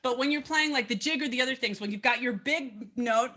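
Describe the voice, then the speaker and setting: A woman's voice: a little high, fairly quick. A woman teaching a violin lesson in a chatty, upbeat way, with fillers and asides between demonstrations. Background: violin playing between phrases.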